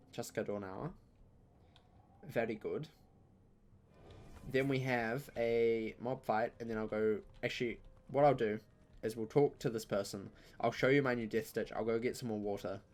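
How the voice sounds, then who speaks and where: A young man, chatting casually through a live-streamed game, joking and breaking into loud outcries. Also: on the low side, fairly even intonation, a little slow, pauses often. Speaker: gaming streamer.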